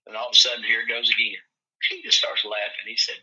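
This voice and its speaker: A man's voice: mid-range voice, level tone, fast, pushed and bright, highs cut off. A man from Tennessee, a football coach, telling folksy stories in a casual chat and acting out the quotes.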